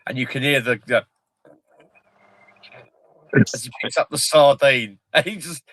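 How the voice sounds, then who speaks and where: A man hosting a casual livestream, joking, swearing and excitedly retelling film scenes. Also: medium pitch, measured pace. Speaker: livestream host.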